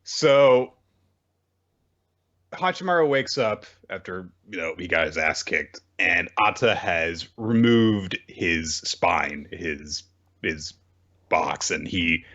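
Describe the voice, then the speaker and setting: Guy recapping manga on a podcast, really lively up and down voice, kinda muffled lo-fi sound. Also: sits low, takes it slowly. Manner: rambling, playful, lots of fillers. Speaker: podcast host. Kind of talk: casual chat recapping manga.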